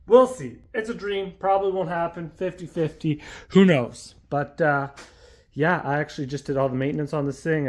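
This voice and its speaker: High-voiced male vlogger; loose, rambling, self-deprecating delivery. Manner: rambling, self-deprecating, stumbling over words. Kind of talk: casual vlog chat. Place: home garage.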